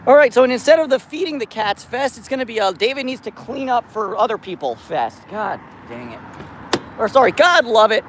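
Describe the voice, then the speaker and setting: A man vlogging outdoors on a city street about the cats he looks after, chatting casually to the camera and greeting the cats in a high sing-song voice. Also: animated, brisk, hardly any pauses, fairly bright tone, a little hiss or hum. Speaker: vlogger caring for a street cat colony. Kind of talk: casual vlog talk to camera.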